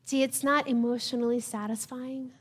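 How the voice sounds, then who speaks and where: A woman pastor delivers a sermon in a high, bright-pitched voice. She tells the story in a conversational way and slips into the voices of the people in it. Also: steady tone, normal speed, slightly rough.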